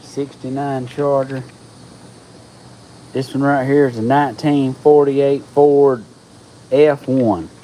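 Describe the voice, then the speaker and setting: A man, chatting casually with viewers on a live stream, folksy and excitable. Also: medium pitch, slow, long pauses, a little hiss or hum, rough recording. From Georgia, US. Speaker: livestream host.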